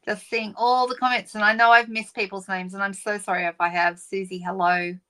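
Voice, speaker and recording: A middle-aged woman hosts a live stream in a relaxed, chatty way. She greets viewers one by one and talks through her plans with easy fillers. Her voice sits at an ordinary middle pitch. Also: moderate pace, clear, resonant tone. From Australia. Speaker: papercraft demonstrator hosting a live stream. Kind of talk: casual live-stream chat.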